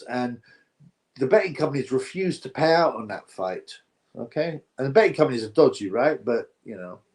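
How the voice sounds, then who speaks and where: A man's voice: fairly high pitch, darkish tone. A man hosting a casual live boxing stream, reading viewer comments aloud and giving blunt, opinionated, rambling takes.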